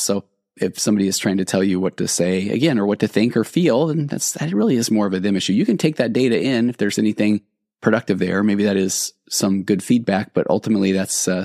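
A man's voice: fairly low pitch, creaky, darkish tone, no echo, studio quality. A middle-aged man, a therapist hosting a podcast, talks earnestly and conversationally about listener stories, often restarting his sentences. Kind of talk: reflective podcast monologue reading listener stories.

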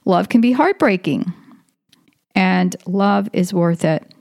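A middle-aged woman hosts a faith podcast in a casual, chatty monologue, full of fillers and asides. Her voice sits in an ordinary middle pitch. It is recorded close and dry, with no room sound. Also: slow, creaky, darkish tone, dry recording. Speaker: podcast host.

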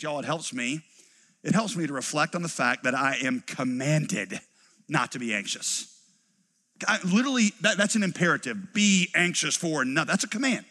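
Animated man preaching in a reverberant hall. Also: fairly high pitch. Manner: animated, acts out quoted voices, drops to quiet emphasis. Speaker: pastor. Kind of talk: sermon.

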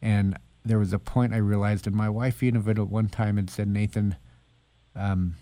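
A man with a low, mellow voice speaks as a guest author. He tells personal stories earnestly and slips into the voices of people he quotes. The sound is close and dry. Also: fairly even intonation, moderate pace, no echo. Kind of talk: conversational interview.

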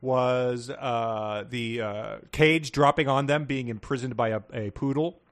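Man, podcast host, reads excerpts aloud, animated voice for quoted dogs, laughs a lot. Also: mid-range voice, unhurried. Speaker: podcast co-host reading passages. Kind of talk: casual chat with read-aloud quiz passages.

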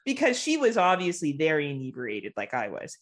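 A woman co-hosting a podcast, telling a party story in casual chat, animated, laughing often and swearing freely. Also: low voice, fairly quick. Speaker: podcast co-host.

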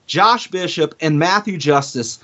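A man's voice: on the high side, measured pace, fairly bright tone. Rambling, laughing man on a lo-fi podcast. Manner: rambling storyteller, laughs between points. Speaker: podcast co-host. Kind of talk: casual chat.

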